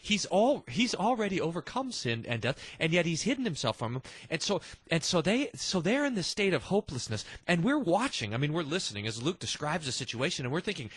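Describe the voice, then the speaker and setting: A man's voice: a little high, very animated, brisk, few pauses, a bit bright, breathy edge, no echo. A man hosting a devotional podcast, talking earnestly and animatedly, often restarting his sentences. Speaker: podcast host.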